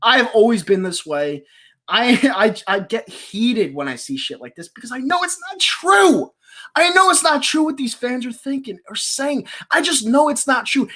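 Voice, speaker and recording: A woman in her twenties from the Philadelphia area, hosting a live stream and ranting about her team in a passionate, exasperated, yelling way. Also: high-pitched. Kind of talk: heated live-stream sports rant.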